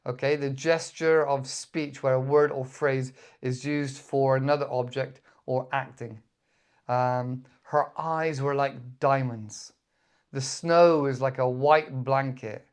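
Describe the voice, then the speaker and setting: British male English teacher, casual lesson, chatty, mid-pitched voice, jumps into playful example voices. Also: clear, resonant tone. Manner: chatty, acts out quick example voices with bursts of excitement.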